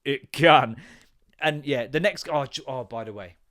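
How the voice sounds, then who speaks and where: A man's voice: mid-range voice, unhurried, a bit bright. A man in his thirties hosting a podcast, telling rambling, sweary comedic stories in casual chat. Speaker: podcast host.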